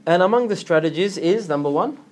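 Animated man telling a story to a class. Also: high-pitched, a little fast, a little hiss or hum. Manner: animated storytelling, acts out dialogue, laughs often. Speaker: religious teacher giving a talk. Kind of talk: informal religious lesson with anecdote.

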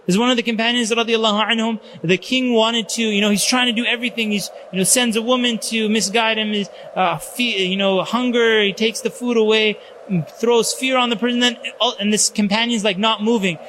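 High-voiced man giving a religious lecture. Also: fairly quick, a little hiss or hum. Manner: animated storytelling, peppered with Arabic religious phrases. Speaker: Islamic lecturer.

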